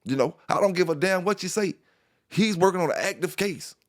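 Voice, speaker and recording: Male vlog host, slightly higher voice, combative repetitive rant. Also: fairly quick. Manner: confrontational, repetitive, calls out rivals with laughs. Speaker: dog news channel host. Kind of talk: casual ranting monologue.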